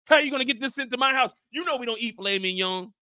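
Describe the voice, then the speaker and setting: A man voicing a hurt, stubborn middle-aged husband who complains in a low, wounded voice. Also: rapid-fire, bright, forceful tone, clean tone, dry recording, clean studio sound.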